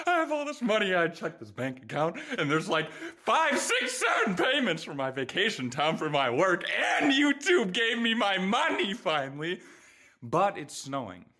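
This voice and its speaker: A man's voice: a little high, bright, forceful tone. A young man vlogging about his own life, blunt and profane, moving between joking and frustrated ranting. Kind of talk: casual personal vlog.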